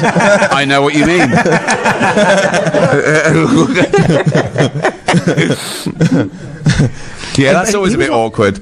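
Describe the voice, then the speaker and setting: A man's voice: on the high side, big pitch swings, extremely slow, long pauses, over a noisy crowd. A middle-aged English man with an English accent, a guest telling funny stories in an interview, laughing often, swearing freely and acting out other people's lines. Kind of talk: anecdotal storytelling in a live town hall interview.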